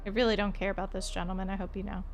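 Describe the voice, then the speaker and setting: Talking very fast in a level, mid-range voice, a Florida woman streams a point-and-click detective game and banters playfully with chat. The recording sounds muffled, soft music runs underneath, and the let's play commentary is chatty throughout.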